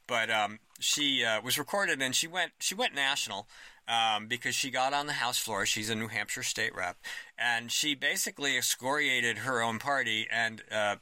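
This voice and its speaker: A man co-hosting a political talk show with a very bright, forward voice. He makes his points emphatically and with strong opinions. The sound is dry and close. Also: medium pitch, no echo.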